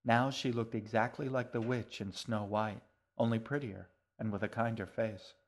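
A man narrating his own story in a calm, even way. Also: fairly low pitch, moderate pace. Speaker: author and narrator. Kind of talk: scripted narration.

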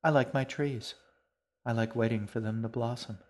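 A man voicing a gentle, talkative young queen in a storybook reading, speaking in a sing-song, fond way. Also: mid-range voice, fairly even intonation, normal speed, natural voice. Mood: dreamy.

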